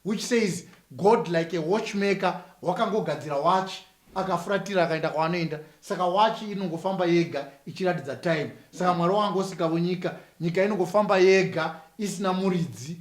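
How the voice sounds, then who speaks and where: Emphatic Zimbabwean minister, high voice. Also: male voice, brisk, roomy sound. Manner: emphatic, repeats phrases with rising force. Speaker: church minister, guest. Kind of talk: interview answers, sermon-like.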